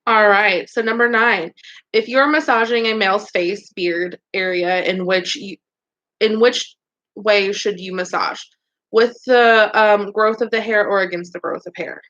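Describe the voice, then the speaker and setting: A woman's voice: medium pitch, fairly even intonation, a little slow, fairly bright tone, dull audio. A woman teaching a beauty school class online, reviewing quiz questions with students in an upbeat, encouraging, chatty way.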